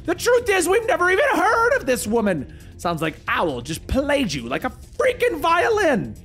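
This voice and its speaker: A man voicing Electro, a loud, hot-headed male supervillain who shouts and taunts. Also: very high voice, huge pitch swings, normal speed, voice pushed up, exaggerated voice. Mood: angry, taunting.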